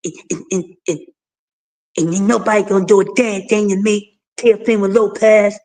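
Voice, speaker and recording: A man impersonating a soft-spoken, monotone young male boxer who brags, with a whispery, slightly tongue-tied voice. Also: sits high, normal speed. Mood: boastful. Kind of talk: comic impression on a livestream.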